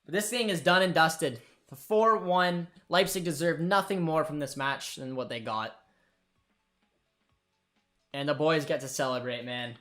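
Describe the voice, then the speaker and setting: A young man hosting a live football watchalong, reacting with excitement and emotion and talking to his viewers. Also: a little high, a little slow, soft background music. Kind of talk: live match watchalong commentary.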